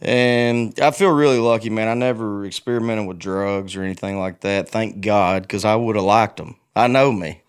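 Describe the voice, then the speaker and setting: A man's voice: on the low side, fairly even intonation, moderate pace, hardly any pauses, smooth. A man in his forties, a guest musician, talking frankly and with self-deprecating humor in a casual interview. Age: 40s. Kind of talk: candid casual conversation.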